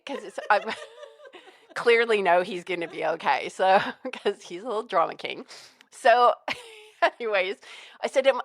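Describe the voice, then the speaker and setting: A woman's voice: medium pitch, sing-song, moderate pace, no echo, clean studio sound. A woman co-hosting a podcast in casual chat, telling giggly anecdotes. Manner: chatty, giggly anecdotes about her husband. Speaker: podcast co-host.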